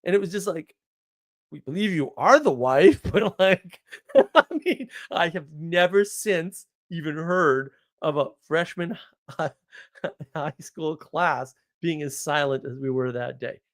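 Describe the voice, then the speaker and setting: A man's voice: fairly high pitch, a little slow. Sarcastic rambling American man. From United States. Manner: sarcastic, animated storytelling with mock outrage. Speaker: podcast host. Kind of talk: rambling casual monologue.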